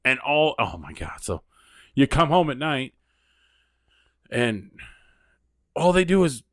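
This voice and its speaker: A middle-aged man co-hosting a podcast, telling profane, animated stories in casual chat. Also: medium pitch, slow pace, dry recording, clean studio sound. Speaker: podcast co-host.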